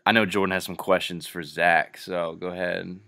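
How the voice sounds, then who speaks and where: A man's voice: low-pitched, little pitch movement, brisk, pushed and bright, slight background noise. A young man hosting a casual podcast, laid-back and joking. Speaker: podcast host.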